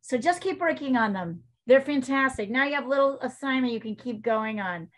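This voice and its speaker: A woman teaching a painting class over a video call, with a voice pitched a little above most women's. She coaches her students with steady encouragement and often repeats a point to make it stick. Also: fairly quick. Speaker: art teacher. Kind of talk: online class instruction.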